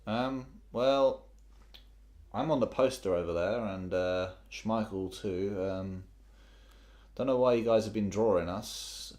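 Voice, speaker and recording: A self-important human hero, played by a man in a very low voice. He brags while stumbling over his words with ums. Close to the player's own voice. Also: slow pace, darkish tone. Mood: smug. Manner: hesitant, boastful, filler-heavy.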